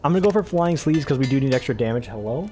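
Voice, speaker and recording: Faint music sits behind this let's play host, whose medium-pitched voice is animated and dark-toned as he races along. He rambles casually about his own playthrough, tripping on his words and swearing without a second thought.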